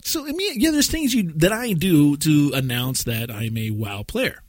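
Male co-host, lively pitch, slightly higher voice, dry close sound, casual joking chat. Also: normal speed, no room sound. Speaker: podcast co-host.

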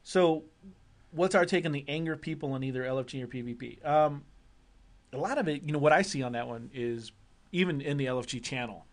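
A man's voice: fairly high pitch, fairly quick. Rambling, joking podcast man. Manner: rambling, joking, self-interrupting. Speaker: podcast co-host. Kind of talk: casual gaming podcast chat.

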